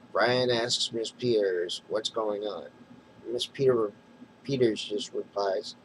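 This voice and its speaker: A man with a somewhat low voice walks through a comic issue, reading narration boxes and speech bubbles aloud. He stumbles and restarts now and then. A faint background hum sits under the recording. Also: fairly bright tone, rough recording. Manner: recounting panels in plain retelling, with mumbled restarts. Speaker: comic book reviewer.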